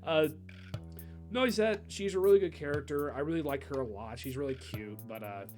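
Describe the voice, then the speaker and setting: A man's voice: fairly high pitch, a little mellow. A young man hosting casual game commentary, rambling with lots of fillers and restarts. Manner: rambling, many fillers and restarts, does quick impressions. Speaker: video host. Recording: background music over the voice.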